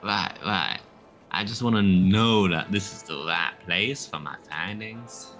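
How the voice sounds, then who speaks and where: A man's voice: low-pitched, huge pitch swings, normal speed, gravelly, pushed and bright, soft background music, full character voice. A man voicing a swaggering frontier prospector who talks in a boastful, conspiratorial drawl. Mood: insistent. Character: swaggering male frontier prospector with a tall tale.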